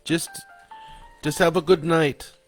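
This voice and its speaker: A man reading aloud and voicing a frightened man who pleads in a strained, high voice. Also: fairly even intonation, takes it slowly, faint music behind. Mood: shaken.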